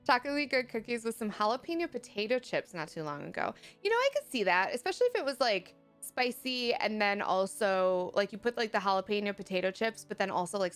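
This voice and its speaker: Chatty young woman streamer, reads chat and laughs easily, higher voice, faint background music. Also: smooth. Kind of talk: casual live-stream chat.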